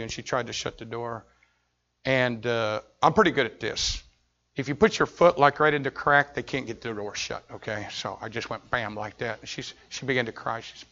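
A man preaching a sermon as pastor, telling a story with intense swings from shouting to hushed tones. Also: medium pitch, moderate pace, creaky, long pauses, highs cut off.

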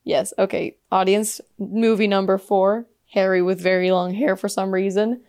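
A woman's voice: medium pitch, level tone, moderate pace, a little mellow. A young woman co-hosting a podcast, chatting casually and telling a story with plenty of laughter. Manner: playful, giggly storyteller. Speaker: podcast co-host. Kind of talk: casual chat.

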